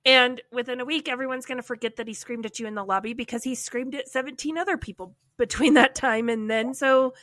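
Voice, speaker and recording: A woman podcast co-host telling a personal story in a casual, animated way, filling her speech with "like.". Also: a little high, fast, hardly any pauses, no echo. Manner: animated, heavy use of "like".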